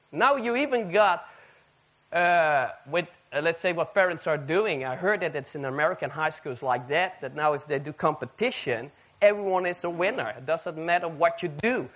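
A man preaching a sermon to a live audience, animated and firing rhetorical questions at the listeners. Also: sits high, moderate pace.

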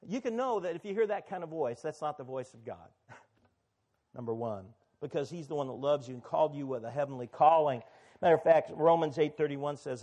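Pastor guy preaching, chatty then punchy, kinda higher-pitched voice. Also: lively intonation, brisk, dark tone. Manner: conversational preaching, rising to emphatic. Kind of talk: sermon.

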